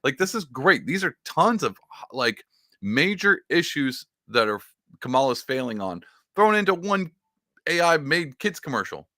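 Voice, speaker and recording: A man's voice: on the high side, measured pace, no room sound, clean studio sound. A man hosting a political commentary show who talks emphatically and gets fired up. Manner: excitable, emphatic, restarts and fires up. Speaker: podcast host.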